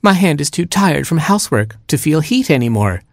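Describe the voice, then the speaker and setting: A man's voice: a little high, sing-song, vocal fry, no echo, clean studio sound, pitched above the performer's own voice. Plucky girl gerbil, as a man voices her. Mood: earnest worried. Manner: earnest, quick, pleading.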